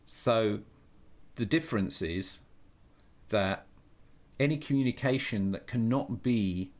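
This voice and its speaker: A man's voice: lowish voice, takes it slowly, a little mellow. Opinionated man thinking aloud on stream. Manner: thinks aloud, frequent restarts and self-corrections; opinionated, blunt. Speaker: live streamer. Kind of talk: casual live-stream monologue.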